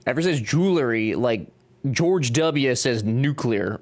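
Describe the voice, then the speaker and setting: A young streamer from Louisiana with a Cajun accent chats casually with his live chat while he builds. His mid-range voice is animated but slow, and he jokes around and reads chat messages aloud.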